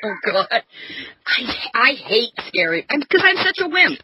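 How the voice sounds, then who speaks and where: A woman's voice: fairly high pitch, sing-song, a little slow, noisy background. A woman who is a novelist, chatting as a podcast guest, candid and self-deprecating, laughing a lot. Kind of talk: casual podcast chat.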